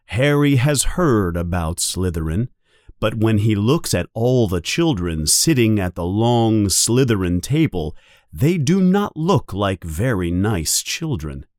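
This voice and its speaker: A man narrating a storybook in an expressive reading manner, jumping high for characters' calls. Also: no room sound, studio quality.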